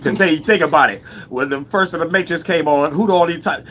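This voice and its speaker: Animated man with a bright, forceful voice. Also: a little high, slight background noise. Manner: animated, laughing, fast-talking street slang. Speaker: host. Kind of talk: casual monologue.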